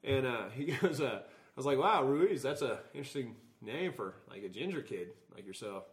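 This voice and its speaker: A man co-hosting a podcast in casual chat, telling stories in a profane, animated way and laughing often. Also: medium pitch, moderate pace. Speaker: podcast co-host.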